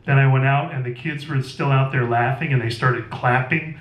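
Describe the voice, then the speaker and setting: A man reads his own novel aloud at a live event in a record store. His narration is plain and steady, in the first person. The room echoes, and he sits well away from the mic. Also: medium pitch, moderate pace. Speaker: author. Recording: roomy store, distant mic.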